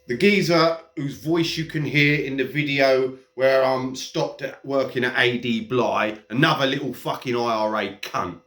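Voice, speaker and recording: A man's voice: medium pitch, steady tone, a little slow, few pauses, fairly bright tone. A man delivering a heated, profane, mocking rant straight to camera. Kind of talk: ranting monologue. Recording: echoey room.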